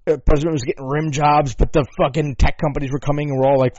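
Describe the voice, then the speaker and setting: Man doing a rambling, foul-mouthed comic rant, loud bursts then mutters; dull, dry lo-fi recording. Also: steady tone, fast talker, few pauses, dry recording. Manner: rambling, profane, swings between loud outbursts and low mutters. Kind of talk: profane comedic rant. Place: at home with a dog.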